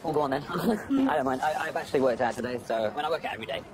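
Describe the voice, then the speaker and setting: A man's voice: a little high, very animated, rapid-fire, crowd noise. An actor in his forties playing a nervous, chatty man on a blind date in a film clip, rambling and boasting a little. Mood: awkward. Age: 40s.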